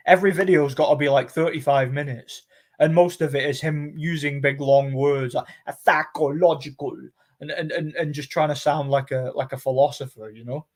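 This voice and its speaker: A man's voice: a little high, steady tone, brisk, darkish tone. A man, hosting a casual live chat, rambling and mocking, laughing often between remarks. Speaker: channel host reading chat comments.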